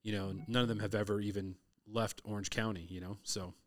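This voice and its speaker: Lively storytelling Californian man. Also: lowish voice, fairly quick. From Southern California. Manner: lively storyteller who acts out quotes. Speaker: hunter telling stories. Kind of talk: casual conversation.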